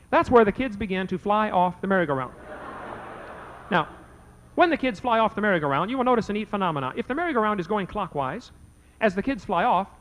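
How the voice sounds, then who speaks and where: A man's voice: high-pitched, slight background noise, poor audio. A man debating before a live audience, telling a folksy story and acting out both sides of a conversation. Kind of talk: anecdote told to a live audience.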